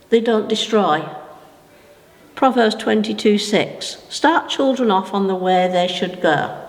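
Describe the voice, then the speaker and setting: Slow-speaking older woman preaching. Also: medium pitch. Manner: slow, conversational, folksy with asides. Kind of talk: sermon. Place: church hall. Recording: echoey hall with long reverb.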